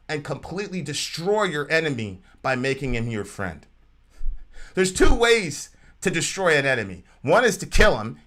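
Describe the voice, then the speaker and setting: A man's voice: fairly high pitch, bright, forceful tone. A man co-hosting a livestream talk show, preaching animatedly and acting out quoted voices. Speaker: show co-host.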